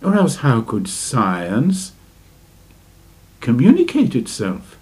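A man teaches a spiritual lesson at a very unhurried pace, dwelling on each phrase. His voice sits in an ordinary middle range. He keeps turning to his listeners with gentle rhetorical questions. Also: mid-range voice, wildly swooping pitch. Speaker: religious teacher. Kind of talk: slow spiritual lecture.

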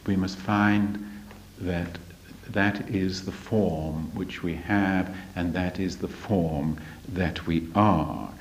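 A man teaching from a spiritual text in a deliberate, emphatic lecture, often asking rhetorical questions. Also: low-pitched, fairly even intonation, a little hiss or hum. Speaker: religious study teacher. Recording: dull lo-fi recording.

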